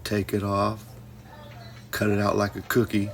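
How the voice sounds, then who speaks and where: A man's voice: lowish voice, completely flat delivery, measured pace, creaky. A man teaching a pottery class in a casual hands-on demonstration, joking with his viewers as he works. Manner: playful, jokey asides addressed to "folks".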